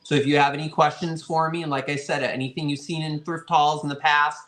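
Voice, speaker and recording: A chatty, friendly man runs a live online vintage sale, his voice sitting a little higher than most men's. He talks casually to his viewers and keeps thanking them. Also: level tone, brisk, fairly bright tone. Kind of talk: casual live-stream chat.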